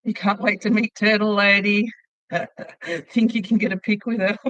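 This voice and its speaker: Middle-aged woman, relaxed crochet-stream host, chatty and laughing often; muffled, dry home-mic sound. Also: mid-range voice, no echo. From Australia. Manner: chatty, laughs often, answers viewer comments aloud. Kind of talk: casual live chat while crocheting.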